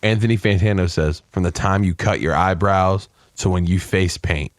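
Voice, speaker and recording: A man co-hosting a podcast, reading silly generated texts aloud in a deadpan way and laughing often. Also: low-pitched, moderate pace, no echo. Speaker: podcast co-host.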